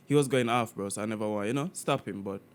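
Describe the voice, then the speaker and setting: A man from Jamaica hosting a casual music reaction video. He is animated and slangy, with frequent swearing and laughter. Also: lowish voice, fast, very noisy. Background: the reacted song playing faintly.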